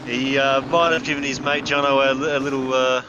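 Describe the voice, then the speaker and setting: A man co-commenting on a sim race in a relaxed, chatty way. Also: medium pitch, a little fast, dull audio, noisy background.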